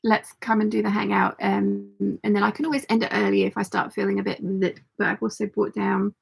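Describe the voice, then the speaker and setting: Croaky, gravelly-voiced woman chatting. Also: mid-range voice, steady tone, fairly quick. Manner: chatty, reads viewer comments aloud. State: slightly croaky voice. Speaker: sewing channel host. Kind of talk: casual livestream chat.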